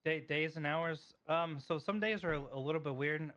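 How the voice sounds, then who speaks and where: Hesitant, polite man with a bright voice. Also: on the high side, moderate pace, muffled recording. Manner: hesitant, polite, full of fillers. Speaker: job applicant in role-play. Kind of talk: casual gaming role-play chat.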